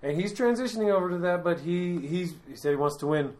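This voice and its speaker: A man's voice: sits high, lively intonation, quick pace, darkish tone. A man hosting a casual chat about comedy open mic performers, rambling with stammering restarts.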